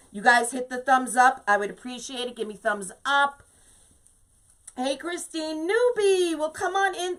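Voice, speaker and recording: A woman with a slightly high, somewhat bright voice hosts a relaxed live-streamed wreath-making tutorial from her home craft space. She chats with viewers, greets them by name, and checks in with "okay?"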